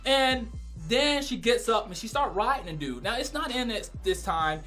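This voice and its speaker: Excitable crude male reviewer, bright voice. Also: extremely high pitch, normal speed, soft background music. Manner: animated, crude and excitable, often breaking into loud exclamations. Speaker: anime reviewer. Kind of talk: casual spoken review.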